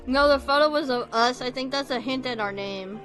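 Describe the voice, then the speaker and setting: A woman's voice: sits high, brisk, a bit bright, faint music behind. A woman streamer giving casual, joking commentary while playing a horror game, laughing often. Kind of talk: casual let's-play commentary.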